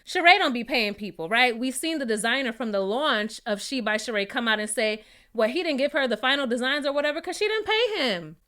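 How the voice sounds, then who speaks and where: A woman giving casual, gossipy commentary on a reality TV episode, sassy and quick to laugh. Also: on the high side, animated, bright, forceful tone. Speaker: reality TV reviewer.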